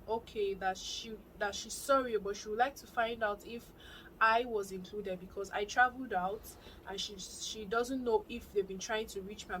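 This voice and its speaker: Young Nigerian woman vlogger, chatty and excitable, mid-pitched, faint hiss behind. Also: low-quality recording. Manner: animated, excitable storyteller. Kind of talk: casual storytelling to camera.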